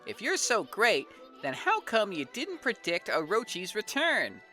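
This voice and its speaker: A woman voicing a tiny, hot-tempered male artist, reading game lines loud, mocking and indignant. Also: medium pitch, huge pitch swings, measured pace, faint music behind, voice pushed up, exaggerated voice. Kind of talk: reading game dialogue aloud on stream.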